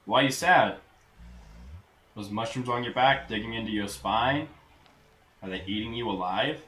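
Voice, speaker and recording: A man giving casual gameplay commentary, crude and full of swearing, with sudden loud outbursts. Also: medium pitch, normal speed. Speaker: let's play gamer. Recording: roomy echo, faint noise.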